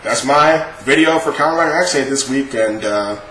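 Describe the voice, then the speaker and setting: A young man rants with sarcasm and plenty of swearing, his voice bright and forceful. The sound bounces around an echoey room. It feels like an off-the-cuff video review. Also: mid-range voice, moderate pace, slight background noise. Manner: exasperated, profane, sarcastic. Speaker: show reviewer. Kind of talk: casual ranting review.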